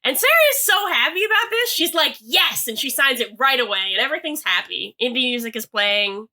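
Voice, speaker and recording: Bright chatty woman recapping a show. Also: high voice, sing-song, fairly quick. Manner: chatty, hedging with "like", reads quotes aloud. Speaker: podcast co-host. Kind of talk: casual episode recap.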